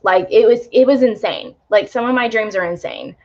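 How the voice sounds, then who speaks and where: A woman's voice: a little high, moderate pace, a little mellow. Chatty young woman reading tarot on a dull stream. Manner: chatty, many fillers, spiritual talk. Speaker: tarot reader.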